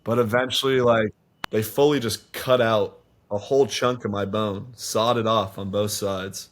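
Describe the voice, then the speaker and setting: A man's voice: lowish voice, fairly even intonation, a little slow, slight background noise. Young man, swearing, rambling story. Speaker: guest. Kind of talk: casual podcast interview. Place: podcast studio.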